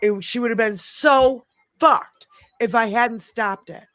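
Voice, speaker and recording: A woman's voice: on the high side, slow, a bit bright, dry recording. Profane, rambling middle-aged woman storyteller. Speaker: podcast host. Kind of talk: casual storytelling chat.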